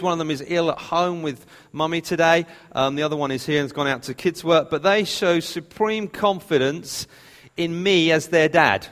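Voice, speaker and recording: Chatty pastor in a reverberant hall. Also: male voice, on the high side, a bit bright. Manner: chatty, self-mocking storytelling. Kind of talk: sermon. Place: church hall.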